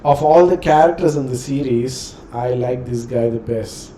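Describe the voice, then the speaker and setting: A man hosting a reaction video in casual commentary, often pausing to search for words. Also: medium pitch, dark tone, slight background noise.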